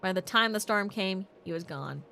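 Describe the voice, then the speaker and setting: A woman voicing a formal, rambling small-town tourism officer in a video game, speaking slowly and low. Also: gravelly, bright, forceful tone. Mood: pompous. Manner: formal, slow and long-winded.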